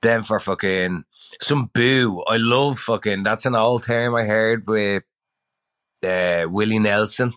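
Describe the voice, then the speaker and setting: A man's voice: lowish voice, takes it slowly, a bit bright, no room sound. A man with an Irish accent, a listener calling in, rambling through a list with laughs between items. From Ireland. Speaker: listener caller.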